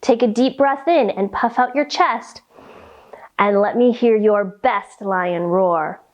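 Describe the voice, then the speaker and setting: A woman reading a picture book aloud and leading children through yoga poses in a slow, sing-song, animated way. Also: medium pitch, muffled recording. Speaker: kids' yoga teacher reading a story. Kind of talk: storytime yoga lesson for children.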